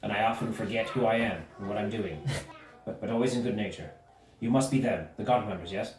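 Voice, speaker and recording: A man voicing a mad, forgetful male gnome wizard who rambles and jumps from giddy to hushed, in an echoey room away from the mic. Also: lowish voice, brisk, crowd noise, voice pushed down, lightly acted. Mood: hushed, apologetic. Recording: echoey room, far from mic, faint noise.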